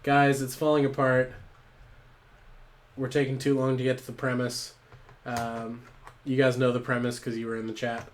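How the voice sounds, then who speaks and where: A man's voice: medium pitch, completely flat delivery, moderate pace, long pauses, a little hiss or hum. Brief: tipsy, foul-mouthed man narrating a home live stream. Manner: rambling, profane, tipsy.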